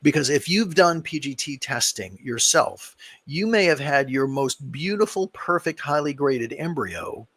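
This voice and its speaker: A man who works as a fertility doctor talks viewers through their questions on a live stream. His voice is gravelly with a husky edge. He is relaxed and tired, with plenty of "um"s, and is recorded dry and close. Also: a little high, a little slow, dry recording. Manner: relaxed and explanatory, with many fillers. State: tired, yawning.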